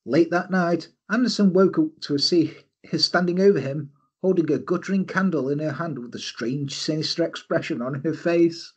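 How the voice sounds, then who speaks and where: A man's voice: a little high, normal speed, darkish tone, husky. A man hosting a podcast, recounting a true-crime story in a jokey way and riffing on it. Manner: jokey, giggly, reads aloud then riffs. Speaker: podcast host.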